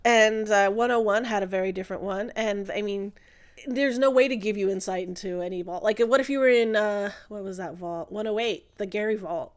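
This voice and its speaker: A woman's voice: medium pitch, a little fast. A woman co-hosting a podcast, chatting casually about a video game in a chatty, opinionated way with lots of fillers. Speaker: podcast co-host. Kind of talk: casual chat.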